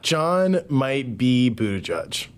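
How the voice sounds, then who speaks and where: A man's voice: medium pitch, big pitch swings, slow pace, smooth. A man as a podcast guest in casual chat, hesitant and thoughtful with many ums and a wry humor.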